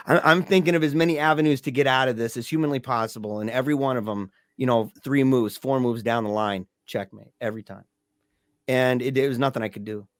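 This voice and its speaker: A middle-aged man telling a personal story as a podcast guest, in a halting, conversational way with restarts and soft laughs. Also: mid-range voice, no room sound, clean studio sound.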